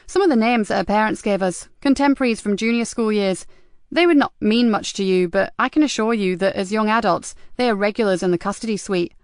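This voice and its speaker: A woman voicing a tough, blunt female detective inspector who talks in a forceful, no-nonsense way. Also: medium pitch, fairly quick, clear, resonant tone, no room sound, clean studio sound, lightly acted. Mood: grim.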